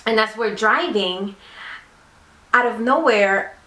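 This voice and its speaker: A woman's voice: on the high side, slow pace, sharp tone. A woman vlogger telling a casual story in a chatty, rambling way, full of fillers. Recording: roomy echo.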